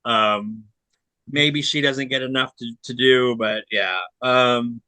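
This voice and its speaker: Guy co-hosting a podcast, bright tense voice, super dry sound, lots of um and like, blunt takes. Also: mid-range voice, fairly even intonation, slow pace, clean tone, no echo. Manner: rambling, filler-heavy, blunt critiques. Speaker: podcast co-host reviewing disc releases. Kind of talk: casual chat.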